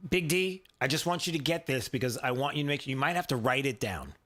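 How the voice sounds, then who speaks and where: A man hosting a talk radio show, giving opinionated commentary in a mocking tone, often halting with fillers. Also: medium pitch, expressive, fairly bright tone.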